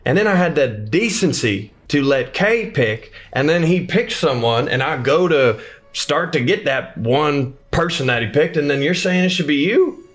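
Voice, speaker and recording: Man voicing a crude male warlord, profane, sneering, loud high outbursts, tabletop game. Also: expressive, fast talker.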